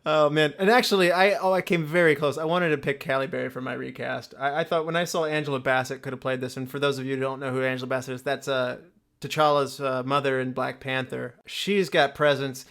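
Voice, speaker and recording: A man's voice: medium pitch, level tone, fairly quick, fairly bright tone. A man in his thirties hosting a casual movie podcast, teasing and laughing often. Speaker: podcast host.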